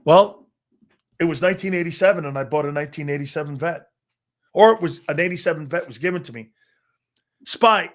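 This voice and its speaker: A man's voice: on the high side, a bit bright. A middle-aged man hosting a sports talk show, telling boastful, profane stories in a casual chat and laughing often.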